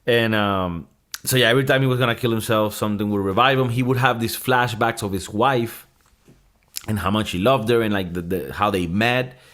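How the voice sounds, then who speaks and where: A man's voice: lowish voice, brisk, fairly bright tone. A man hosting a casual podcast chat, rambling and thinking aloud with many fillers and restarts, swearing freely and laughing often. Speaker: podcast host reviewing a movie.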